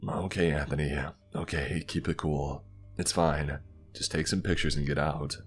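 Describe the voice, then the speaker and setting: A man voicing a terrified grown man alone in a dark bunker, talking in a trembling, pleading way. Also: extremely low pitch, fairly even intonation, normal speed, soft background music. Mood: shaky, fearful.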